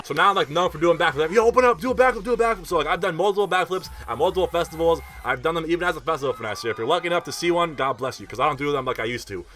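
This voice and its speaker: A young man telling a festival story in a casual vlog, animated and slangy, with lots of fillers and swearing. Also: on the high side, racing, hardly any pauses, slight background noise.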